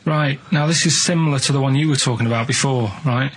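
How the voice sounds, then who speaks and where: Radio regular, male, deadpan rambler with many restarts; noisy recording. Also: medium pitch. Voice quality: plain flat way of speaking, halting with many restarts. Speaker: radio show regular telling odd news stories.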